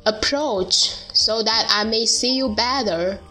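A woman reading a storybook, voicing a proud, commanding king in a pompous, measured manner. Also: on the high side, bright, forceful tone, faint music behind, rough recording.

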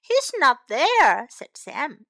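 A woman voicing a sleepless little boy who worries about his missing dog, speaking slowly and pleadingly. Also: high voice, big pitch swings, fairly bright tone, no room sound, studio quality, voice pushed up, exaggerated voice. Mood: worried.

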